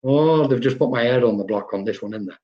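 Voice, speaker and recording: A man's voice: medium pitch, fast. A man with a mid-range voice gives psychic readings on a live stream. He talks in a loose, chatty way and tags his lines with a questioning "okay?". The audio is dull and lo-fi. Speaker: psychic medium.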